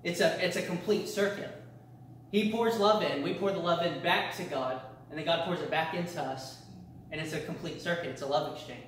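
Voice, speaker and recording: A man leads a church discipleship class in an earnest, repetitive preaching cadence, circling back and restarting his phrases. His voice sits fairly high. The sound comes from a distant mic in a very echoey room. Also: fairly quick, a bit bright, a little hiss or hum. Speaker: pastor.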